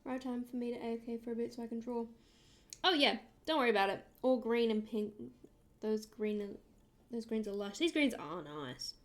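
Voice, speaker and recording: A woman's voice: a little high, moderate pace. A young woman from Australia with an Australian accent, chatting casually and rambling as she streams herself drawing and answers chat. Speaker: livestreamer.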